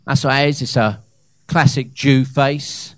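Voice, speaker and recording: A man in his thirties performing a live stand-up set on a comedy club stage into a handheld mic, with hesitant fillers and loud punchlines. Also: medium pitch, fairly even intonation, measured pace, no room sound, studio quality. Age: 30s.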